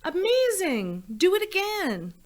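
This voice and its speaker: A woman voicing a clever, brave young princess in a children's story, with a bright, eager, flattering manner. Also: mid-range voice, a little slow.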